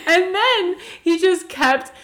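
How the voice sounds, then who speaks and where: High-voiced woman telling a funny story. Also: expressive, slow, over a noisy crowd. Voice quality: laughs often while telling stories. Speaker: podcast co-host. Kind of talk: casual chat, storytelling.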